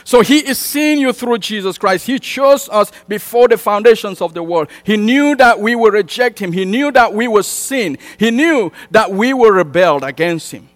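High-voiced male preacher in a reverberant hall. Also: animated, normal speed, hardly any pauses. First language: not English. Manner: emphatic, repetitive preaching cadence with rising bursts. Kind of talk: sermon. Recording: long hall reverb with mains hum.

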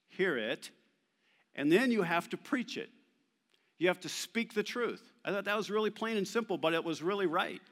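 A male pastor delivering an animated sermon, emphatic and sometimes playful, quoting scripture with rising force. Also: a little high. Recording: long reverb of a large hall.

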